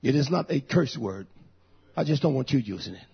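A man in his fifties preaching a fiery sermon, dropping to low growls and rising to shouts. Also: lively intonation, brisk, gravelly, slightly rough, muffled recording. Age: 50s.

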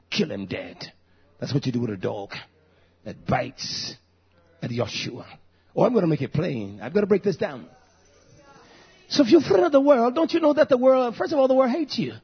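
A man in his fifties preaching a fiery sermon, dropping to low growls and rising to shouts. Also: husky, lo-fi sound. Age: 50s.

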